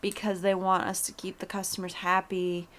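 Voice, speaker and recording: Young woman podcaster, mid pitch voice, thinks out loud, kinda hedgy. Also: little pitch movement, normal speed. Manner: thoughtful, hedging, blunt at times. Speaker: podcast co-host. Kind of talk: casual chat.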